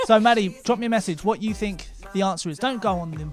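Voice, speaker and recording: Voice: medium pitch, fast talker. Joking quiz host, faint music behind. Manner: teasing, joking quizmaster. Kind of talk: casual livestream quiz hosting.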